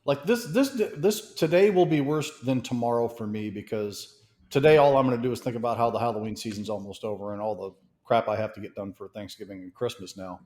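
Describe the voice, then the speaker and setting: A man co-hosts a casual podcast, talking in an easy, rambling way and thinking out loud as he goes. His voice sits at an ordinary pitch. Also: fairly quick. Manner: relaxed, rambling, thinks aloud. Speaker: podcast co-host.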